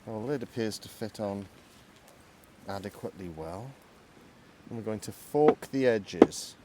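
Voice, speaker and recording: In a very noisy recording, a man narrates a casual cooking vlog outdoors in the woods, going step by step. His low voice is animated but a little slow, and his tone is chatty and self-deprecating.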